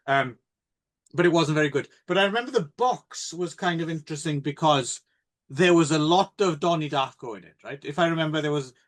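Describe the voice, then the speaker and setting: A man's voice: on the high side, fairly quick. A man co-hosting a casual film podcast, rambling and hesitant, with lots of fillers. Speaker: podcast co-host.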